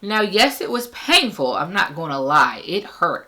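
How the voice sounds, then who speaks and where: A young woman vlogger casually telling her birth story to camera, animated and acting out the people she quotes. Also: unhurried, hardly any pauses. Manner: animated, acts out quoted voices with big pitch jumps. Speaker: parenting vlogger.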